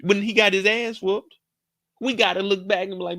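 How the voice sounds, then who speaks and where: Here a young man with a bright, forceful, high-pitched voice gives an animated, casual recap of a show, swearing freely and voicing the characters' lines. His tone stays steady at a moderate pace, and the sound is close and dry, without echo.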